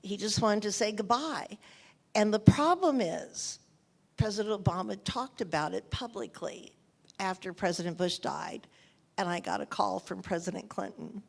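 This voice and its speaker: A woman's voice: medium pitch, normal speed, creaky. Older woman telling emotional stories. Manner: anecdotal, emotional, repeats phrases. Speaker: interviewed author. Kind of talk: onstage interview storytelling.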